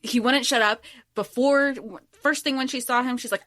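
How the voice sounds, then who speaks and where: Bright, emphatic woman podcast co-host. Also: sits high, fairly even intonation, normal speed, no echo, clean studio sound. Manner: heated, emphatic and profane. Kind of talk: casual chat.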